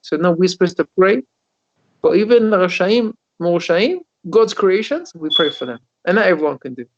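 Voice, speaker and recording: A man, a rabbi, telling stories in a Torah class over a video call, animated and often repeating his words. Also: high-pitched, normal speed, noisy background. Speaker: rabbi teaching a Torah lesson. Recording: dull lo-fi video call audio.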